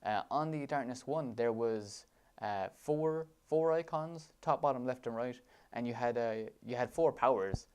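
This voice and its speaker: Enthusiastic Irish man with a smooth voice. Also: medium pitch, a little slow, darkish tone. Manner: enthusiastic, gushing with praise. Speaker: let's play commentator. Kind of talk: gameplay commentary over footage.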